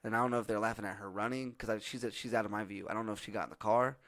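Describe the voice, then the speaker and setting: Hoarse young man telling a wild story. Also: on the low side, racing, no room sound. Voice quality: husky. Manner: profane, rambling, animated storytelling with many fillers. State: hoarse from yelling. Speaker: podcast host. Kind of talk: casual storytelling chat.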